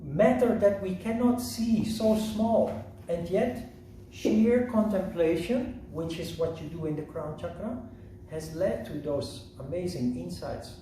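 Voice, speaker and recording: A man teaching a yoga lesson in a slow, measured, reflective way. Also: high voice, warm tone, slight background noise. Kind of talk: lecture. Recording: roomy echo from a distant mic.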